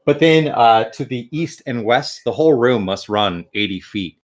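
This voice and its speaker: A man narrating as game master of a tabletop game, pausing often with fillers. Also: mid-range voice, lively intonation. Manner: halting with many fillers, playful.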